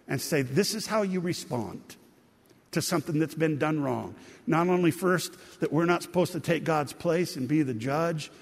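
A man's voice: on the high side, breathy edge. A man preaching a sermon as a pastor, earnest and conversational, leaning into the heartfelt moments. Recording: long hall reverb.

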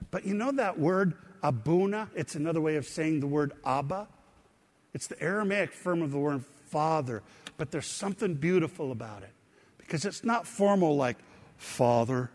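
A man's voice: a little high, big-room sound. A middle-aged male pastor preaching a conversational sermon, often putting questions to the congregation. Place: church sanctuary.

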